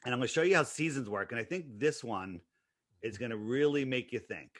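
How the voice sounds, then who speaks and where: A man speaking as an interview guest, building his case with one pointed question after another. His voice is bright and forceful, at a middle pitch for a man. The sound is dry and close, as on a remote call. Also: lively intonation, dry recording. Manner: insistent, rapid-fire rhetorical questions. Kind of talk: conversational explanation.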